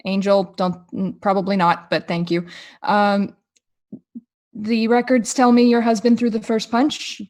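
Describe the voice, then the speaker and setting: A woman's voice: medium pitch, flat delivery, measured pace, darkish tone. Hesitant woman player. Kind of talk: casual tabletop play.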